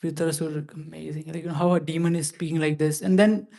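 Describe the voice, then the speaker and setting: A man leading a scripture class, chanting Sanskrit verses slowly and then explaining them casually with many fillers. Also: a little high, flat delivery, gravelly, dark tone. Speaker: class speaker.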